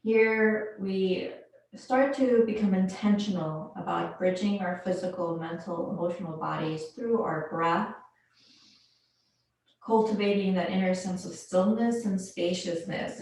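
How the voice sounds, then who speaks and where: Calm woman guiding yoga in an echoey room. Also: lowish voice. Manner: slow, calm guided cues with pauses. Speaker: yoga instructor. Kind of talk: guided yoga class instruction. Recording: very echoey room, mic far off.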